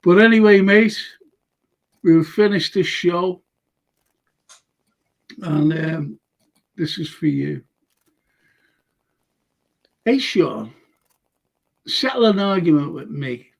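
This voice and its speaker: An older male host tells a rambling story full of "you know"s. His voice sits high, with a gravelly, husky edge. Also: animated, slow pace, pauses often. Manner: rambling anecdotes with many fillers. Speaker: show host. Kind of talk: casual chat, storytelling.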